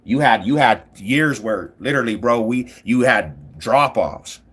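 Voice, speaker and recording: A man hosting a live stream, talking loud, boastful trash about sports rivals in slangy banter. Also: medium pitch, lively intonation, measured pace, husky.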